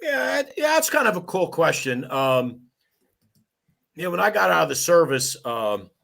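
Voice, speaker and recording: Gravelly, bright-voiced firefighter telling war stories. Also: male voice, on the high side, normal speed. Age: 50s. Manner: animated, laughing, swearing storyteller. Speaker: podcast guest, firefighter lieutenant. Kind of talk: casual storytelling.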